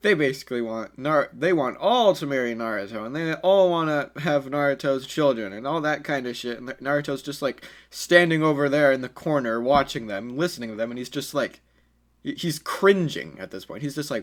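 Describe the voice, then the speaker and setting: A man's voice: mid-range voice, lively intonation, fairly quick. A man telling an improvised fan story in a casual, rambling way, with many fillers and self-corrections.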